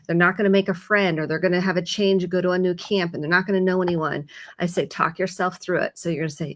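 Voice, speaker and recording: A middle-aged woman therapist giving calm, reassuring advice in conversation, slowing down as she coaches. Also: fairly low pitch.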